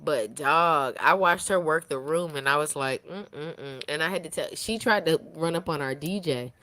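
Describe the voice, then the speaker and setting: A woman with a low voice talks blunt and slangy on a casual podcast. She piles on "like" and gets lively when she tells a story. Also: normal speed. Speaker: podcast co-host. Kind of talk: casual chat.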